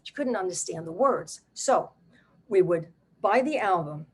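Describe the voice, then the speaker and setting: An older woman, a playwright and solo performer, telling a family story on stage in a wry, animated, conversational way. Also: fairly low pitch, a little slow, husky.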